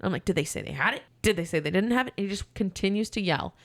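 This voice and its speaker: A woman guest on a podcast, telling a story in a casual, animated way and acting out both sides of a phone call. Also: mid-range voice, fast, no echo.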